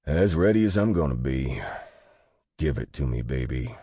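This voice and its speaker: A man voicing a big, stubborn male cop who talks gruffly and curtly. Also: a bass voice, expressive, normal speed, warm tone, no echo, studio quality, full character voice. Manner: gruff, curt.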